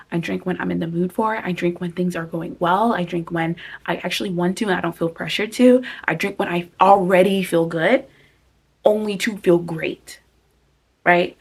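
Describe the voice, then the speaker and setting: A woman's voice: fairly low pitch, vocal fry, husky. A woman in her twenties giving casual, emphatic advice to camera, repeating phrases for stress and acting out her own thoughts. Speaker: vlogger giving life advice.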